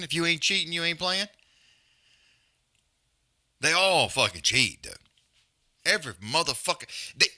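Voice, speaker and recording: A man hosting a live fight stream, trash-talking in profane casual banter and calling the action. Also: a little high. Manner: loud, profane, animated trash talk. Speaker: livestream host.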